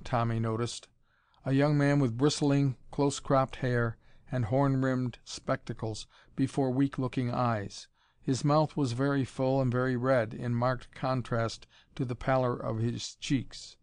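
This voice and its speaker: Dry, measured male audiobook narrator. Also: medium pitch, clear, resonant tone, dry recording. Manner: even, measured reading. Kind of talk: scripted narration.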